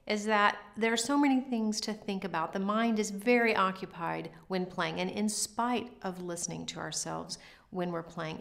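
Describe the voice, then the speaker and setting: Earnest woman teaching violin. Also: medium pitch. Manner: earnest, encouraging, emphatic. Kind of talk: instructional talk to camera.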